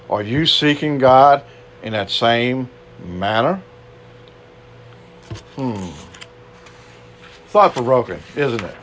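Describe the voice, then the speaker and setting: With a medium pitch and a somewhat bright tone, an older man with a Cajun accent delivers a casual sermon over a little hiss or hum. He asks rhetorical questions, adds asides and says "you know" often.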